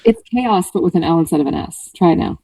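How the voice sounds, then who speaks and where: Podcast co-host, female, low-pitched and teasing, a bit off-mic in a dry room. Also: huge pitch swings, fast talker, creaky, mellow, no echo, far from the mic, low-quality recording. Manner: teasing, laughing, fussy about pronunciation. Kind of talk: casual book-club chat.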